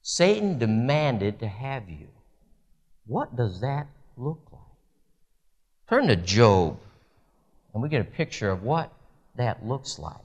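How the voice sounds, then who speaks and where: A man preaching a sermon in a church, animated, with wide swings in pitch and loudness. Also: slow pace, pauses often. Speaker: pastor.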